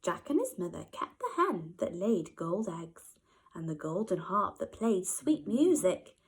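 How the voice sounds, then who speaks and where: A woman, a nursery teacher, reading a storybook to young children expressively, with gasps and hushed whispers. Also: fairly low pitch, very animated, measured pace, poor audio.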